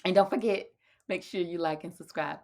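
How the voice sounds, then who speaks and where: A young adult woman talking casually to her viewers in a vlog, chatty and animated, laughing often and sometimes dropping to a hush. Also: fairly low pitch, fairly quick. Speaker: vlogger. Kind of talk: casual direct-to-camera vlog talk.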